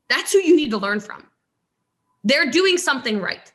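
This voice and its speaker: A woman giving an animated, emphatic motivational talk on a video call as a network marketing recruiter, with laughing asides. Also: sits high, normal speed, pauses often.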